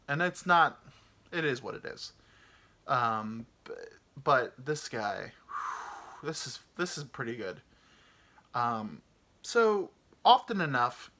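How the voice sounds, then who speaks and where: A man hosting a comedy podcast, telling a travel story in a rambling, swearing, animated way. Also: medium pitch. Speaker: podcast host.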